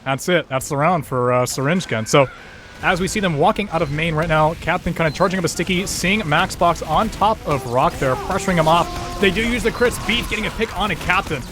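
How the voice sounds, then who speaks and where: A man giving steady, analytical color commentary as an esports caster, leaning on fillers. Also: on the high side, fairly quick, soft background music. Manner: steady explaining, many fillers like kinda.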